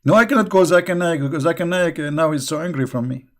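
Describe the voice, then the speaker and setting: A man with a fairly high voice and quick pace hosts an online religious debate, speaking with non-native grammar. His talk is sarcastic: he mocks, laughs at his own jokes, and keeps firing rhetorical questions at listeners.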